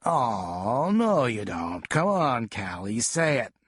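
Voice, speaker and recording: A man voicing an abusive, short-tempered father who coaxes and threatens in a lower, quieter voice. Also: very animated, slow pace, husky, no room sound, heavily acted. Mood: menacing. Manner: coaxing then harsh and menacing.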